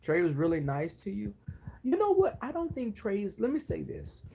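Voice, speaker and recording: A man chats with his viewers in an unhurried, gossipy way and speaks his mind. His voice sits a little high and swings widely in pitch. A gravelly fry runs through it. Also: very animated, mellow, slight background noise. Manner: chatty, gossipy, frank opinions. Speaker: YouTuber answering viewers. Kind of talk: casual live-stream chat.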